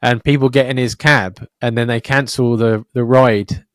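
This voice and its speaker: Young male podcast co-host, profane and lively storyteller, mid-pitched, dry studio mic. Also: moderate pace, no echo. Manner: sweary, animated storytelling. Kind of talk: casual podcast chat.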